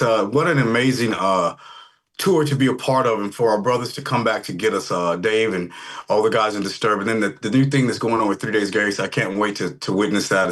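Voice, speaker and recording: A middle-aged man, a rock singer, chatting over a video call in a relaxed, rambling way with many fillers. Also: lowish voice. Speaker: rock band lead vocalist. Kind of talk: casual interview chat.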